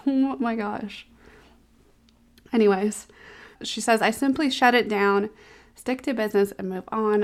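A woman's voice: medium pitch, vocal fry. A woman hosting a casual solo podcast as a physical therapist, reading online posts aloud and reacting candidly with exclamations.

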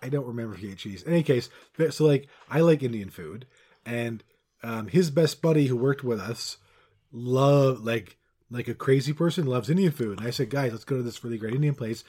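A middle-aged man co-hosting a podcast, telling long rambling stories in casual chat that trail off quietly and then pick up again. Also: medium pitch, a little fast, slightly rough. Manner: rambling storyteller, drifts quiet then loud. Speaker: podcast co-host.

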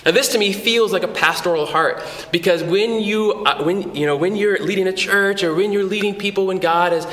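A man preaching a sermon as a pastor, conversational and animated, with frequent restarts, in a church. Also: high voice, a little fast. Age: adult with a son. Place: church hall. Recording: echoey church hall with long reverb.

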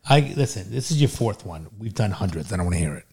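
A middle-aged father talks quickly in a lowish voice on a casual podcast with his son. He is gruff and defensive and swears freely as he jokes back at the others. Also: lively intonation, a crowd in the background. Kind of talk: casual banter.

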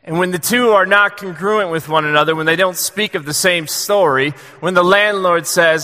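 Male pastor, bright fairly high voice, casual storytelling sermon, long hall reverb. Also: normal speed, few pauses. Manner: conversational and joking. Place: church sanctuary.

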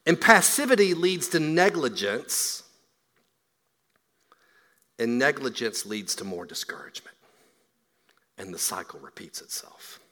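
A man preaching a sermon as a pastor, swinging from hushed, quiet lines to loud, emphatic build-ups. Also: medium pitch. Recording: long hall reverb.

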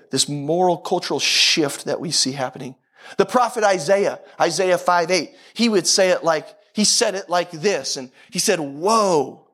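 A man's voice: sits high, fairly bright tone. A man in his thirties preaching a sermon in a conversational, storytelling way, with self-deprecating humor. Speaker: pastor.

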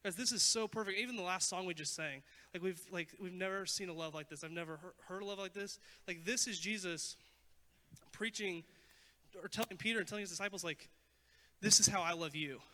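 Young male pastor, high-pitched, casual and animated sermon delivery, long reverb. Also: a little fast. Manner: casual, animated preaching with many "like" fillers. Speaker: youth pastor.

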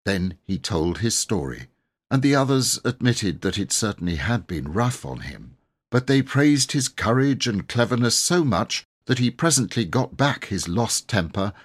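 A man narrating a classic children's book in an expressive storybook reading. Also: medium pitch. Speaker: audiobook reader.

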